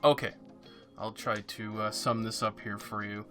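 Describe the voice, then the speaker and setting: A man's voice: fairly low pitch, level tone, normal speed, pushed and bright, soft background music. A man with a Canadian accent chatting on a podcast, hesitant with frequent fillers. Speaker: podcast co-host. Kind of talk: casual podcast chat.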